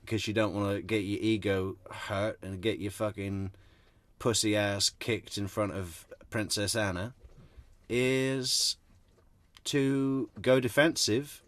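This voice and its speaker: A man's voice: fairly low pitch, dry recording. A man hosting true crime commentary, casually sarcastic and swearing as he reacts to clips.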